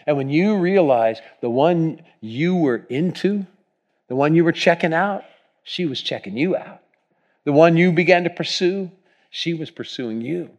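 Lively preaching man, slightly high voice. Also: measured pace, muffled recording. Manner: lively preaching, reads scripture aloud with emphasis, asks the congregation questions. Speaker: pastor. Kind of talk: sermon. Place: church.

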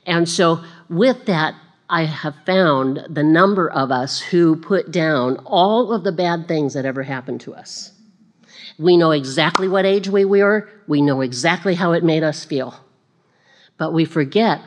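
Chatty, low-voiced woman preaching. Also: unhurried. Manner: chatty and self-deprecating, with laughing asides and restarts. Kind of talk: conversational sermon.

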